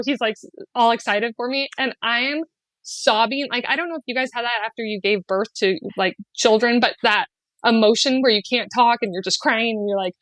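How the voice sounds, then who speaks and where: A woman guest on a podcast telling a personal story in an earnest, heartfelt way, sliding into lively acted-out quotes and laughs, with many fillers. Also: fairly high pitch, dry recording. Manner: animated when acting out quotes, often laughing. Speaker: podcast guest, spiritual guide.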